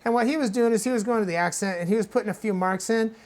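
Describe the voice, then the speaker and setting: A man's voice: high voice, racing. A man hosting a casual hardware music tutorial, talking in a loose, chatty way and often checking in with "right?".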